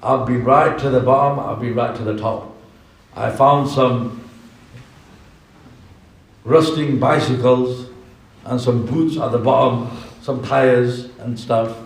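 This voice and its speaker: A cocky, dismissive young fish, as a preacher puts him on, scoffing in street slang. The sound carries the boom of a big prayer hall, picked up from well back. It is brash and defiant, never pleading. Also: male voice, steady tone, slow, pauses often. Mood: weary. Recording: echoey mosque hall from far off.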